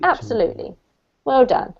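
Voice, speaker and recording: A woman's voice: high-pitched, very animated, vocal fry, husky. Woman teacher on a dull call line. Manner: encouraging, clarifies pronunciation with slow modeled words. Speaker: English teacher. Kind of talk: online language lesson.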